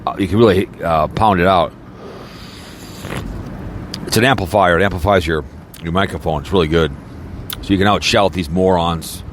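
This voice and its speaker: A man's voice: low voice, normal speed, long pauses, a little hiss or hum. A man podcaster in a rambling, crude and mocking casual rant, talking from a car. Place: in a car, snowy weather.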